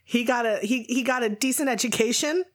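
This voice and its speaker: Woman cohost chatting about a romance book, giggly and teasing, kinda high voice. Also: fairly quick. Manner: laughs often, swears, playful teasing. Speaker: podcast co-host. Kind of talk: casual chat about a romance novel.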